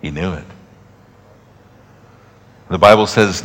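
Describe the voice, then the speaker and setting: Deep-voiced man preaching with soft, dramatic drops. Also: slight background noise. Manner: dynamic preaching, drops to soft near-whispers, long dramatic pauses. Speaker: pastor. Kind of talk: sermon.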